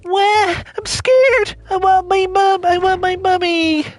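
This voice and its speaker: A man's voice: steady tone, slow, soft background music. A man voicing a terrified young guest who wails and begs for his mum in a game. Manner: shrill, panicked cries.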